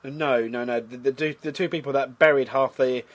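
A man's voice: medium pitch, fairly even intonation, moderate pace. A man co-hosting a casual wrestling chat, hesitant, stumbling over his words as he weighs his opinions. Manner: hesitant, many fillers and restarts. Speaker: podcast co-host.

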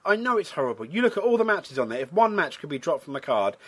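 A man's voice: fairly high pitch, big pitch swings, quick pace, fairly bright tone, breathy edge. A man co-hosting a casual wrestling chat, hesitant, stumbling over his words as he weighs his opinions. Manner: hesitant, many fillers and restarts. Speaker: podcast co-host.

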